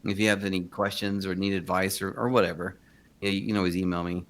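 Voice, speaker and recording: A man's voice: sits low, flat delivery, fast talker, a bit bright. A man chatting casually as a guest about filmmaking, easygoing and loose. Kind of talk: casual chat.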